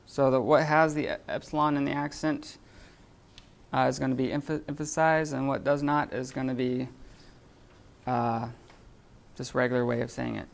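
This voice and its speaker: A man leads a live classroom lesson, explaining grammar in a halting way, full of fillers and restarts. His voice has a gravelly edge. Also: mid-range voice, fairly even intonation. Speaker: Greek teacher.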